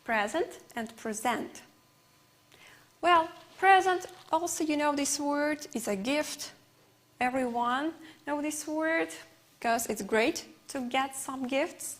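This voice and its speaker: A woman with an Uzbek accent teaches English for a television class. Her voice sits high, and she works through each word at an unhurried, measured pace, explaining it patiently. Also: a bit bright. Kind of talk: TV English lesson.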